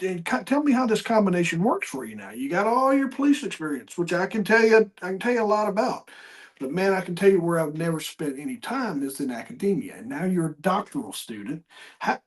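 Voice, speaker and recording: A middle-aged man hosting an interview, telling stories in a casual, animated way and acting out the dialogue. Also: high-pitched. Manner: animated storyteller, acts out quoted dialogue. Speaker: podcast host.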